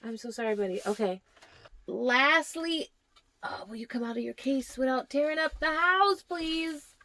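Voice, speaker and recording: A woman's voice: high voice, lively intonation, moderate pace, bright, forceful tone. A young woman giving a casual tour of her houseplants, chatting fondly to them and sometimes dropping to a near whisper. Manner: drops to a near whisper at times. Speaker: plant vlogger. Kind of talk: casual plant tour vlog.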